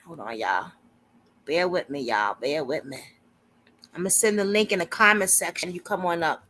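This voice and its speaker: A woman's voice: lowish voice, normal speed, fairly bright tone, a little hiss or hum, poor audio. A woman hosting a casual livestream, chatty and informal, laughing often as she talks. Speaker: livestream host.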